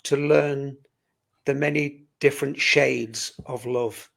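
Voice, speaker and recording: A man talking earnestly and reflectively as a guest in a casual conversation about spirituality, often pausing mid-phrase. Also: mid-range voice, fairly even intonation, gravelly, fairly bright tone.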